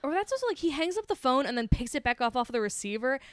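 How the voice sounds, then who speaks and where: A woman co-hosting a podcast, recapping a film in casual chat, animated and swearing as she acts out lines. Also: sits high, fast talker, clear, resonant tone, no echo, clean studio sound. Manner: animated retelling with quoted voices, swearing. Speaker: podcast co-host.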